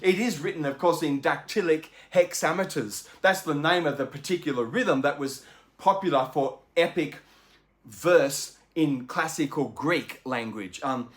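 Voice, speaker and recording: A man's voice: a little high, measured pace. A man hosting a book channel, explaining in a chatty, enthusiastic way with lots of asides. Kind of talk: casual explanatory book talk.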